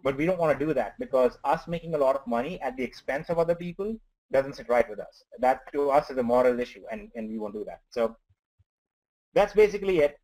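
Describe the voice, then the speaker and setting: A man's voice: medium pitch, expressive, brisk, darkish tone, low-quality recording. A man with an Indian accent, a company co-founder, presenting on an online webinar in an earnest way, often starting with okay. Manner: repetitive, earnest, says okay a lot.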